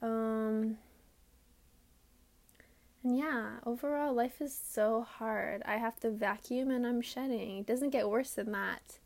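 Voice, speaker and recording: This young woman's voice sits on the high side, steady and a little mellow, and she speaks slowly. She's recording a casual solo podcast in her room, wandering between topics, teasing herself, and using plenty of fillers.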